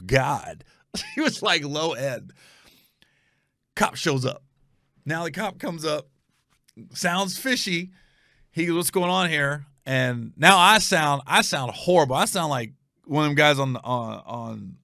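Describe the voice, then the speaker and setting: Gravelly man telling a profane story. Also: on the high side, unhurried, pauses often, dry recording, studio quality. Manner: animated, profane, acts out every voice. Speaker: comedian host. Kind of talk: casual storytelling.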